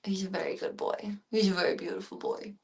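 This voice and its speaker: Woman streamer, casual and chatty, coos at pets, mid-pitched. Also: flat delivery, brisk, gravelly, darkish tone, breathy edge. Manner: chatty, coos and baby-talks to animals. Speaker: streamer working with animals. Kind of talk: casual live-stream chat.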